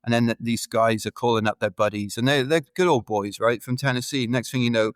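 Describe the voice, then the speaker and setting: A man's voice: mid-range voice, brisk, dry recording. A man from the United Kingdom, a podcast guest, telling rambling, chatty stories full of fillers in a casual interview. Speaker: podcast guest, ultra runner.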